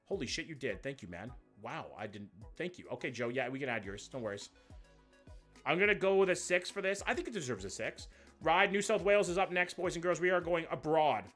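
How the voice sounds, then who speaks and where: A man's voice: fairly high pitch, animated, a little fast, fairly bright tone, soft background music. A young man hosting a live reaction stream, chatting loosely with viewers, swearing and joking as he reacts to what he sees. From Canada. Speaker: livestream host.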